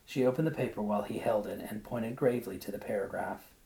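A man reading a short story aloud, then musing about it in a thoughtful, halting way. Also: lowish voice, creaky, warm tone. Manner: thoughtful, searching for words. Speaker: reader.

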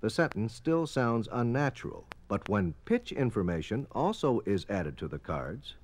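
A man's voice: on the low side, very animated, normal speed. A man giving formal, explanatory scripted narration for an educational film.

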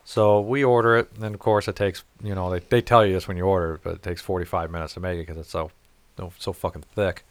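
A man's voice: deep voice, steady tone, fast, dry recording. A man telling a rambling, profane story in casual chat. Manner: rambling, profane, laughs at his own story.

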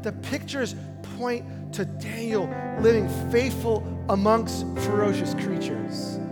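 A pastor preaching a sermon in a casual, conversational way, swinging from loud emphatic lines to hushed ones. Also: male voice, high-pitched. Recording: long hall reverb with music behind.

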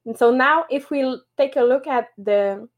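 A woman in her thirties with a high voice, whose French first language shows. She co-hosts a motivational podcast and explains things at a steady pace, with a few fillers. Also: unhurried. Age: 30s. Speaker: podcast co-host.

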